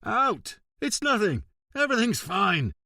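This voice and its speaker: A male narrator plays a cunning, hot-tempered police inspector in an audiobook. He speaks in a biting, theatrical way, and his pitch swings widely. The sound is dry and close. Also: sing-song, normal speed, dry recording, natural voice. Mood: shouting.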